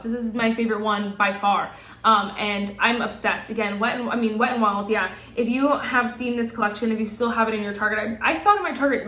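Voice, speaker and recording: A young woman reviewing makeup in a casual vlog, gushing and excitable as she chats to her viewers. Her voice sits fairly high. The room around her rings with echo. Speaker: beauty vlogger. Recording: echoey room.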